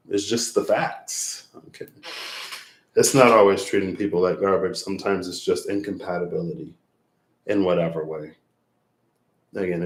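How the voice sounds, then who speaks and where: A man's voice: low voice, roomy sound. A man who reads tarot, closing a long livestream with rambling, reflective talk and frequent laughs. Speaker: tarot reader. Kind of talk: late-night livestream wrap-up chat.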